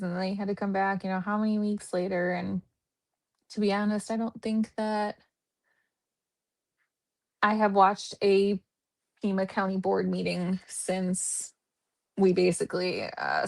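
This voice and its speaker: A woman's voice: medium pitch, creaky. A woman hosting a true crime livestream, chatting casually with sarcastic jokes.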